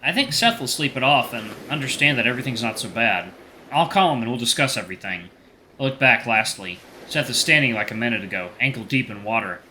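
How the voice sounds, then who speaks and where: A man voicing an anxious, sensitive teenage boy, reading a visual novel aloud in a slightly halting, earnest way. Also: medium pitch, lively intonation, bright, forceful tone, slight background noise.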